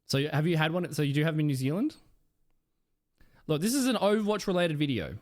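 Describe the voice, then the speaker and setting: A man's voice: on the high side, very animated, fast, darkish tone. A man with a South Australian accent chatting casually with his stream chat, playful and smug, swearing offhand.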